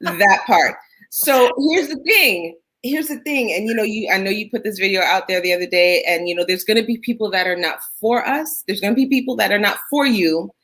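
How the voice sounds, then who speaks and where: A woman hosting a talk show interview over a video call, encouraging her guest with quick affirmations. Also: medium pitch, a bit bright. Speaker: host.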